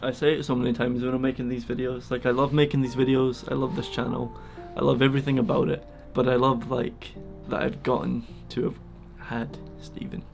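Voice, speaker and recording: A man talking casually and emotionally in a vlog, soft and halting, close to tears. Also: medium pitch, little pitch movement, gravelly, faint music behind. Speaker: vlogger feeding a wild bird. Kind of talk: casual heartfelt vlog talk.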